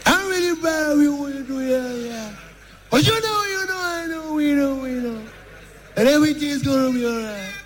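A man's voice: very high voice, expressive, normal speed, noisy background, voice pushed up. A man putting on a breezy, vague male politician who keeps repeating filler words, recorded live in a reverberant hall.

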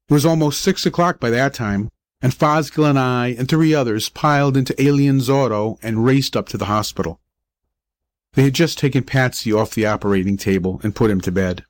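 A man reading a short story aloud as an audiobook narrator, measured and even. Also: mid-range voice, no room sound. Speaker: audiobook reader.

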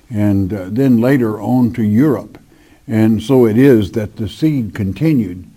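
A man's voice: mid-range voice, dark tone. A man teaching the Bible verse by verse, reading scripture aloud, then commenting in a conversational, hesitant way. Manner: slow and deliberate, with hesitations. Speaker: preacher.

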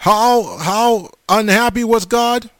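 A man's voice: high voice, slow, a bit bright, no room sound, studio quality. A man in his forties preaching a sermon, emphatic, with stammering restarts and repeated calls to his listeners.

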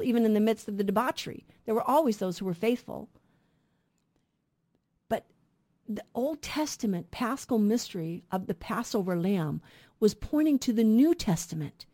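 A woman's voice: fairly high pitch, warm tone. A middle-aged woman co-hosting a radio Bible program, teaching earnestly and asking rhetorical questions.

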